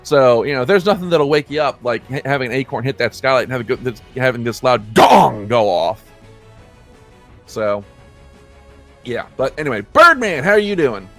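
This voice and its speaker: A man's voice: mid-range voice, moderate pace, long pauses, faint music behind. Casting: young male podcast host, easygoing, chatty, restarts lines a lot. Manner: rambling, self-correcting, laughs often. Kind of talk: casual chat.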